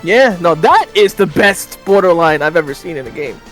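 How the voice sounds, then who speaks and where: A man's voice: a little high, expressive, normal speed, soft background music. A man co-hosting a game stream, chatting casually and reading viewer comments aloud.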